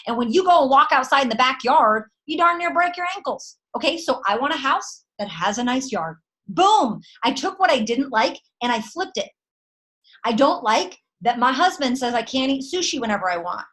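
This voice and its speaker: A woman with a high-pitched, somewhat bright voice swings widely in pitch while keeping a normal speed. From home at night, she gives her sales team a fired-up motivational talk, emphatic and slangy, tossing out quick rhetorical questions.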